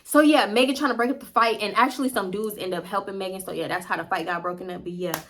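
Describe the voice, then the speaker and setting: A young woman vlogger telling a story to camera in a casual, animated way, cursing often and talking straight to her viewers. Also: mid-range voice, fast, slight background noise. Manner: animated, profane, addresses viewers directly.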